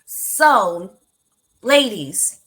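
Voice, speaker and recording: A woman hosting a talk show for women, telling a personal story in an animated, heartfelt way and speaking to her listeners directly. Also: medium pitch, very slow. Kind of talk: candid motivational storytelling.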